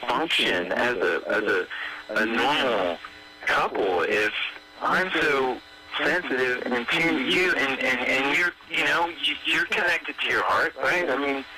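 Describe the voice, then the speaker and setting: A man's voice: medium pitch, rough recording. A man talking on a radio show, stammering and restarting his sentences as he describes his feelings. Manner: stammering, halting, many restarts. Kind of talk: emotional on-air conversation. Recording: radio broadcast with loud noise.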